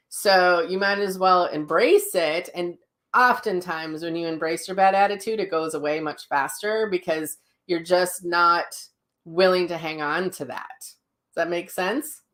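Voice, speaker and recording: Blunt, chatty middle-aged woman, lowish voice. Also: unhurried, fairly bright tone. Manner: blunt, chatty and self-mocking, with frank language. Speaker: psychic medium hosting a daily live session. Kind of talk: casual chat reading viewer comments.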